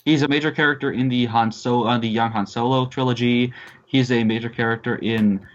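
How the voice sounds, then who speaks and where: A man rambling through a casual movie commentary with friends, full of "like" and quick laughs. His voice sits at an ordinary pitch. The recording sounds dull and lo-fi. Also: steady tone. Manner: rambling, filler-heavy, laughs often, hums movie music. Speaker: podcast co-host.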